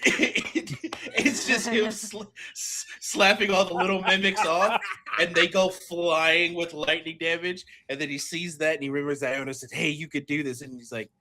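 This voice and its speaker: A man playing a tabletop game, talking casually and telling stories in an animated way, often laughing. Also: high voice, a little slow.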